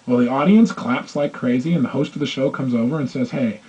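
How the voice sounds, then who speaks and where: A man giving a motivational talk, telling stories with animated delivery and acting out the voices of the people in them. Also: mid-range voice, quick pace, slightly rough. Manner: animated, acts out quoted voices. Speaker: motivational speaker. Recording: dull lo-fi recording.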